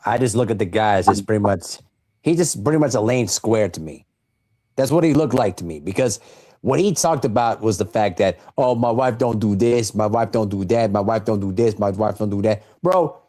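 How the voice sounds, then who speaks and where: A male podcast co-host with a mellow, warm-toned voice gives blunt, dismissive commentary. He peppers his talk with "bro" again and again. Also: medium pitch. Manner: blunt, says "bro" constantly.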